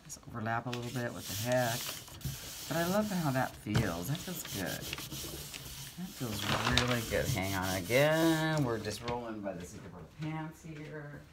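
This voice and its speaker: Crafting vlogger, woman with a deep voice, chatty and self-narrating at her table. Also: lively intonation, moderate pace, background noise. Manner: chatty, rambling, self-talk while working. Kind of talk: casual crafting chat to camera.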